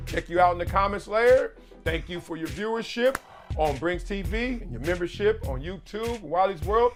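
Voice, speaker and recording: A man in his forties hosting a solo sports talk show, telling stories in slangy, animated talk and acting out little voices with laughs. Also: sits high, moderate pace, faint music behind. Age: 40s. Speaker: show host.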